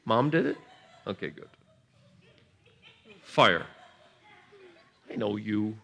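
A man preaching at a revival service in a church, laughing and shouting bursts, gentle with the children he blesses. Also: lowish voice, big pitch swings, slow pace, vocal fry, breathy edge. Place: church sanctuary.

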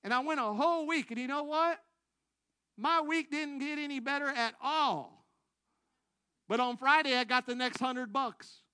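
A man preaching a testimony sermon to a congregation, telling his story with laughs and self-mockery, swinging between loud excited bursts and quiet low asides. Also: normal speed, dry recording. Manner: animated, self-mocking, laughing through the story.

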